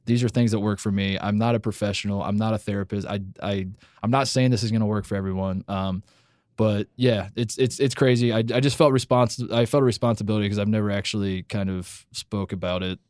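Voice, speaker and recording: A man's voice: lowish voice, steady tone, brisk, darkish tone, no room sound, clean studio sound. A young man hosting a casual podcast, rambling with lots of restarts and stammered repeats. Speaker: podcast host.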